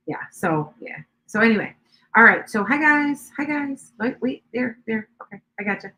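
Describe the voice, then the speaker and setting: A woman's voice: on the high side, sing-song, normal speed, bright, forceful tone, low-quality recording. Chatty older woman rambling on a live stream. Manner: rambling, chatty, with many restarts and asides to viewers. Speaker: psychic reader and live stream host. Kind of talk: casual live stream chat.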